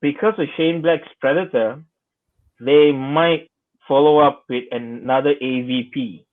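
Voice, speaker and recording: A man's voice: medium pitch, a little slow. Malaysian guy rambling about films, lots of uh and repeats, sounds like a phone line. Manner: hesitant, with many fillers and repeated words. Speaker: podcast co-host. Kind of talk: casual live-stream chat about films. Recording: tinny phone-like online call.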